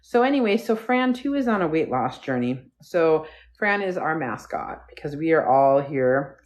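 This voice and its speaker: A woman's voice: sits low, lively intonation, moderate pace, darkish tone. A woman hosting a casual live stream, rambling and chatty as she talks to viewers and her dog, recorded on a phone. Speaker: livestream host. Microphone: phone livestream.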